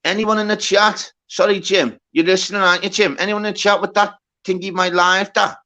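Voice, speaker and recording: A man's voice: high voice, level tone, fairly quick, pushed and bright. A man hosting a live stream, rambling and repeating himself in casual chat.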